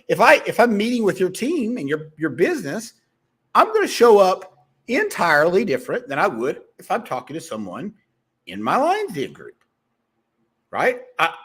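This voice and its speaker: Motivational sales-coach man, slightly high voice, husky, fast and rambling. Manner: fast-talking, animated, rambling with restarts. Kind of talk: motivational monologue to viewers.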